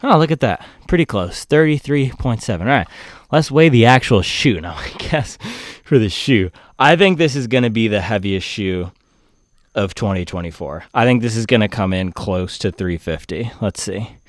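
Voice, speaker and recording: A man's voice: on the low side, lively intonation, normal speed, no echo, studio quality. A man giving a casual running shoe review, laid-back and slangy, with joking asides.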